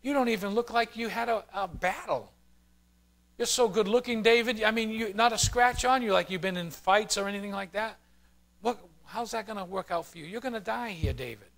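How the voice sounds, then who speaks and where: A man's voice: sits high, fairly quick, gravelly, fairly bright tone. A man preaching, voicing a scornful male giant warrior who taunts a boy. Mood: mocking. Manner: taunting, mocking.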